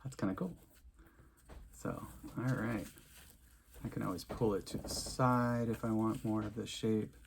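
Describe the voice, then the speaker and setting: A man's voice: on the low side, steady tone, unhurried, vocal fry, long pauses, a little hiss or hum. A man giving an unscripted crafting tutorial, chatting, thinking aloud and humming to himself as he works. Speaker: craft instructor.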